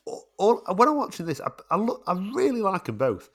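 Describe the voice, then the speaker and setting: A man's voice: high voice, brisk. A middle-aged man co-hosting a film podcast, emphatic and getting worked up in casual chat. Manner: animated, emphatic, rising when worked up. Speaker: podcast co-host.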